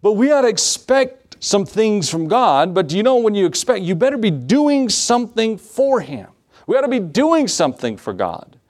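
A man's voice: high-pitched, big pitch swings, normal speed, darkish tone. A middle-aged man, a pastor, preaching a sermon that moves between scripture reading and folksy personal stories.

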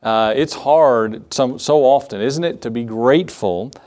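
A man's voice: mid-range voice, measured pace, darkish tone. A middle-aged male pastor preaching a sermon in a conversational, storytelling way, with fillers and asides.

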